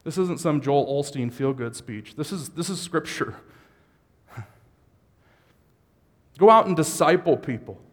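A man's voice: a little high, lively intonation, measured pace, pauses often, long reverb tail. A man preaching a sermon as a pastor, moving from easygoing asides to fervent, rising exhortation. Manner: builds from conversational to impassioned shouting.

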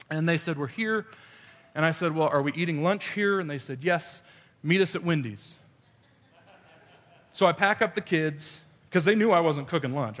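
A man's voice: a little high, fairly bright tone, big-room sound. A man preaching a sermon, telling a family story with playful quoted voices. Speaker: pastor.

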